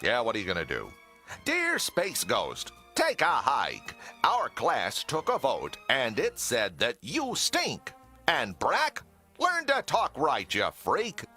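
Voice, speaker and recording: A pompous cartoon superhero host. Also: male voice, mid-range voice, huge pitch swings, slow pace, bright, forceful tone, soft background music, exaggerated voice. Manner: pompous, self-important, theatrical. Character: pompous, vain superhero talk-show host. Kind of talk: TV cartoon voice acting.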